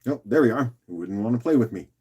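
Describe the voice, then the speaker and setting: A man's voice: mid-range voice, animated, a little mellow, slightly rough. Chatty man running a live auction. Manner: chatty and joking, often laughing and talking to viewers by name; loose and unhurried, with fillers and restarts while doing other tasks. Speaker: host auctioning rocks on a live stream. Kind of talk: casual live-stream auction chat.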